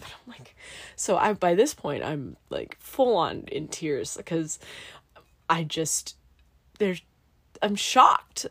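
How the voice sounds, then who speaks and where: Recorded clean in a studio with no room sound, a young woman who is a student pilot swaps candid stories in a casual podcast chat, animated and occasionally swearing. Her pitch is medium and her pace moderate.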